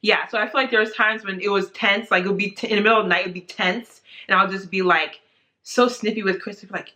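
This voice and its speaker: A woman's voice: mid-range voice, a little fast, pushed and bright. A young woman, a guest in a casual chat, telling stories animatedly with many fillers and acted-out quotes.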